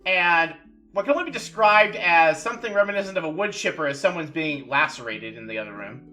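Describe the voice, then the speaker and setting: A man narrating as game master of a tabletop role-playing game, animated and descriptive, with soft music underneath. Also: fairly high pitch, fairly quick.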